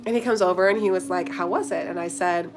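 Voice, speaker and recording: A woman's voice: lowish voice, quick pace, music in the background. Giggly young woman telling stories. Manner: giggly, chatty, slangy, frequent laughter and fillers. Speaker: vlogger answering viewer questions. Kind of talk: casual storytelling chat.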